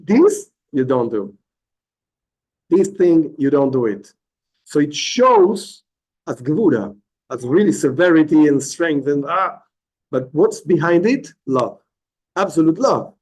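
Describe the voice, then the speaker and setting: Animated middle-aged rabbi teaching. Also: male voice, a little high, rough recording. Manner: animated, repeats words, restarts phrases. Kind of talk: religious lesson.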